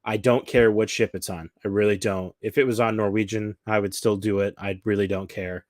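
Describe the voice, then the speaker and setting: Lowish, dry-voiced chatty man. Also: flat delivery, fairly quick, a little mellow, no echo. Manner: chatty and enthusiastic, rambling with fillers. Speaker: cruise vlogger. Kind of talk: casual chat.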